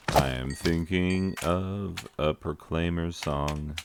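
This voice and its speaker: Extremely low-pitched and heavy with vocal fry, this American man takes his time as he plays a video game for his gaming channel. He rambles and jokes, leaning on lots of fillers, against a noisy background.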